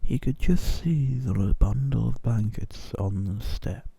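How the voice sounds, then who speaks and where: A man giving an ASMR storybook reading, soft and partly whispered. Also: medium pitch, a little slow, vocal fry, husky, no echo. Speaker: reader.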